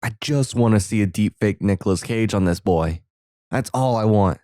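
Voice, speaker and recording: A man from the Southern United States hosting a solo movie commentary podcast, reacting excitably with sudden high exclamations. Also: moderate pace, no echo, studio quality. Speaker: podcast host.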